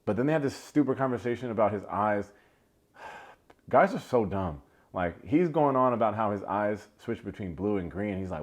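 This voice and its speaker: Casual young male recap host, low-pitched, gossipy and full of "like" and asides. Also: lively intonation, normal speed. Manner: chatty, heavy use of "like", playful asides.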